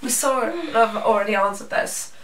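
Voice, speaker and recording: A young Norwegian woman with a Norwegian accent, reading fan questions in an excitable, chatty way. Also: mid-range voice, moderate pace, distant mic, a little hiss or hum. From Norway. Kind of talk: casual Q&A chat. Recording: echoey room, off-mic.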